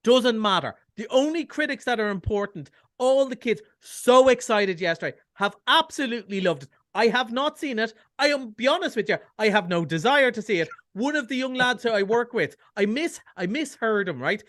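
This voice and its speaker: An Irish man reviewing films on a radio chat show, chatty and enthusiastic with quick jokes and asides. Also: very high voice, expressive, fairly bright tone. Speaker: cinema film reviewer. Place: radio studio.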